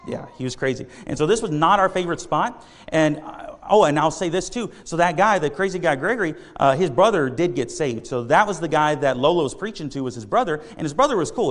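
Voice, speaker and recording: A man with a slightly high voice preaches a sermon, telling a story in a loose, rambling way. He leans on fillers and restarts as he goes. His voice rings through a hall with a long reverb.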